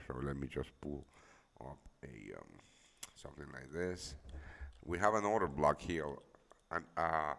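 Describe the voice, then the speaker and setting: A man who has just woken up, chatting loosely to viewers with plenty of fillers and swearing. His voice sits low with a gravelly fry. The sound trails off with a long reverb. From El Salvador. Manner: rambling, swears freely, lots of fillers. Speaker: forex trading streamer. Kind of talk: casual live-stream chat.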